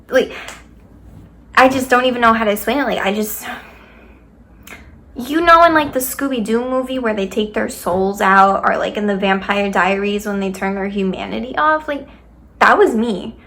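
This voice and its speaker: A woman's voice: mid-range voice, fairly bright tone. A young woman talking candidly in a casual vlog, rambling with lots of fillers and swearing freely. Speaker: vlogger.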